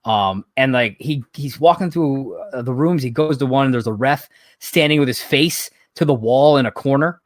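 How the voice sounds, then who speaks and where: A man's voice: medium pitch, moderate pace, no echo, studio quality. A man co-hosting a podcast, recapping wrestling events in casual, profane, exasperated storytelling. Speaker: podcast co-host.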